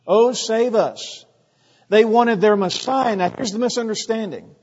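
High-voiced preacher echoing through a hall. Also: male voice, darkish tone. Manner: emphatic, acts out crowd voices. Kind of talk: sermon. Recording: reverberant hall, dull lo-fi sound.

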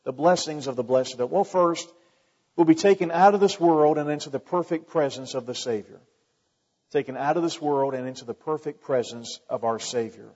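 A male pastor with a fairly high voice preaches to his church, chatty and wry. His voice rings out with a long hall echo, and the recording sounds dull and a bit lo-fi. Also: moderate pace, darkish tone. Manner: conversational preaching with wry asides. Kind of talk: sermon.

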